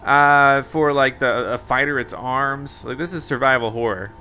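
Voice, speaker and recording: A man's voice: mid-range voice, normal speed, sharp tone, faint music behind. A man giving casual, playful commentary while playing a video game, laughing often and exclaiming at surprises. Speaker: gaming YouTuber. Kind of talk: casual let's play commentary.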